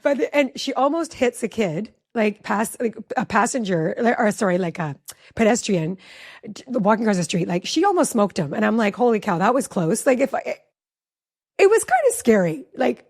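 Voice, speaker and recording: A woman in her forties, a relationship educator, telling a personal story in an animated, chatty way with lots of "like" in a podcast interview. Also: mid-range voice, moderate pace, vocal fry, breathy edge. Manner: animated, chatty, heavy use of "like".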